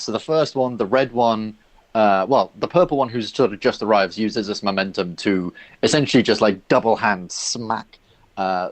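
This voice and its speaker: A man's voice: on the low side, dry recording. A man narrating as dungeon master of a tabletop game, describing scenes in loose, filler-heavy speech.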